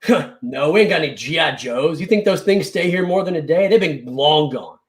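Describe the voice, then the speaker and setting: A man putting on a rude male store clerk who answers in a gruff, dismissive way. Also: a little high, lively intonation, a little fast, lightly acted.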